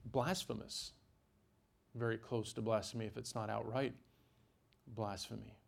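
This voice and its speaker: Animated male preacher giving a sermon. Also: a little slow, vocal fry. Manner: animated, sudden rises in pitch and loudness, dry asides.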